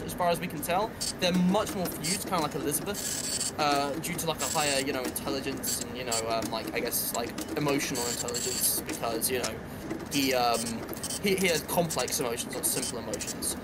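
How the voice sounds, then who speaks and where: A man's voice: on the high side, fairly quick, heavy background noise. A teenage boy hosting a gameplay stream, chatting casually with a co-host and rambling with many fillers. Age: teens. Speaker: gaming channel host.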